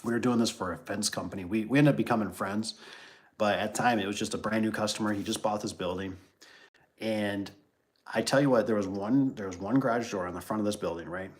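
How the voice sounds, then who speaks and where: A man's voice: fairly low pitch, brisk. A man who runs a garage door business, hosting a casual livestream, rambling through stories with lots of fillers and restarts and reading viewer comments aloud. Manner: reads viewer comments aloud and riffs on them. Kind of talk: casual livestream chat and storytelling.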